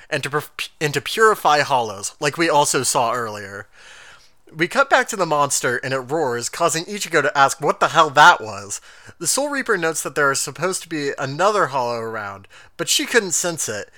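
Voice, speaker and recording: A man co-hosting a podcast, his voice bright and forward, sitting a touch higher than most. He retells an anime episode with animated energy and frequent laughter, dropping into quick quoted asides. The sound is dry and close. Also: dry recording. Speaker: podcast co-host. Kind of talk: casual chat recapping an anime episode.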